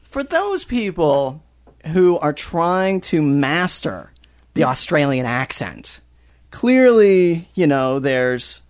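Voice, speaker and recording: A man's voice: on the high side, big pitch swings, slow pace, no echo. Joking American man, dry close sound. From United States. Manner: curious, joking, rambling questions. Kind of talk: casual chat.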